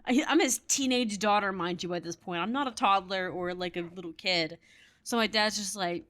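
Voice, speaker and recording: A woman's voice: medium pitch, moderate pace, fairly bright tone. A woman chatting casually while playing a game, telling stories in a rambling way and laughing often. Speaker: gamer. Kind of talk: casual gameplay commentary.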